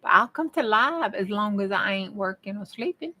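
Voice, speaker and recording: A woman's voice: mid-range voice, animated, moderate pace, bright, forceful tone. A middle-aged woman, chatting to her viewers in a folksy way while she works on a craft project. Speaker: craft vlogger. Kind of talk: casual chat while crafting.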